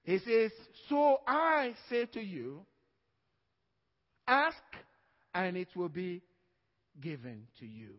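Pastor, male, high voice, emphatic sermon delivery, dull recording with long hall reverb. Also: sing-song, slow pace, pauses often. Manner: preaching with emphatic stresses and frequent "Amen?".

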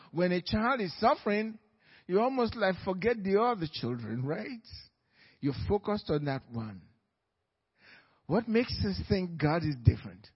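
A man preaching a sermon as pastor, moving from quiet storytelling to loud, fervent exhortation. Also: sits high, slightly rough. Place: church sanctuary. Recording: church hall reverb, dull lo-fi sound.

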